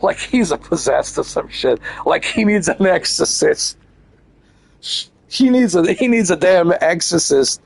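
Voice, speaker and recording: A man's voice: sits high, lively intonation, measured pace, vocal fry, breathy edge. A man giving casual let's-play commentary, crude and mocking, repeating his jokes. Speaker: gaming channel host.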